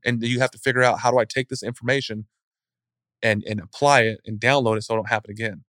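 Animated storytelling man, dry sound. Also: medium pitch, a little fast, no room sound. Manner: animated storyteller acting out scenes. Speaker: guest speaker. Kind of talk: casual motivational talk.

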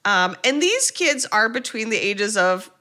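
Bright, playful woman. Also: mid-range voice, sing-song, unhurried. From United States. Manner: playful, rambling, jokey asides. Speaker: podcast co-host. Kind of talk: casual comedic movie recap.

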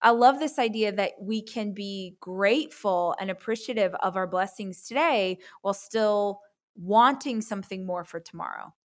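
A woman's voice: medium pitch, moderate pace. A woman hosting a podcast, chatting enthusiastically with her guest. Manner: enthusiastic, gushing. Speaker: podcast host. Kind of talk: casual interview chat.

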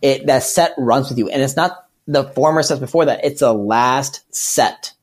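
A man's voice: medium pitch, moderate pace. A man who works as a comedian, talking as a podcast guest in a rambling, candid way and correcting himself as he goes. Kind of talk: casual podcast chat.

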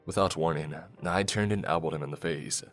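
A man narrating a first-person horror story in a measured, storytelling way. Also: extremely low pitch. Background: faint music.

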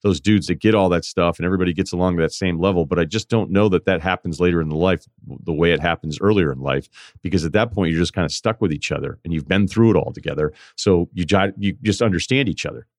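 A man hosting a podcast, chatting casually and telling stories in an animated, conversational way. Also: sits low, fast talker, no echo, studio quality. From Vermont. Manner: conversational storytelling, animated quoting. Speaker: podcast host. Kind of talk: casual chat, reading listener emails.

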